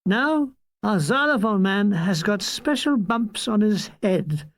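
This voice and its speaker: A man's voice: high voice, expressive, takes it slowly, no room sound, exaggerated voice. A man voicing a hyperactive balding showbiz promoter in his thirties, all eager salesman patter.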